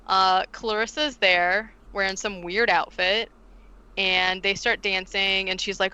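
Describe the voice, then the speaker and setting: A woman on a podcast retells a movie in a lively, chatty way, peppering every sentence with "like" and slipping into the characters' lines. Her voice is bright and crisp. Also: mid-range voice, unhurried, highs cut off. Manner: animated, heavy use of "like", acts out quotes. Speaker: podcast co-host recapping a film. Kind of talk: casual chat.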